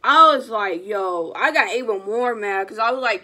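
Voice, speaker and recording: A young woman, telling a storytime vlog in a slangy, animated, casual way and quoting what people said. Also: on the high side, a little slow, hardly any pauses. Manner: animated, slangy retelling with quoted voices. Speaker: vlogger.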